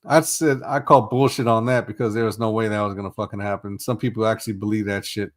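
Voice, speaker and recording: A man's voice: fairly low pitch, fairly even intonation, fast talker. Profane, exasperated man ranting about sports. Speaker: podcast host. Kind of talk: casual sports podcast monologue.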